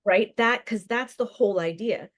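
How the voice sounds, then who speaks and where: A woman counselor being interviewed on a podcast, explaining ideas in quick bursts with restarts. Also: fairly high pitch, dry recording. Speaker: licensed counselor, guest.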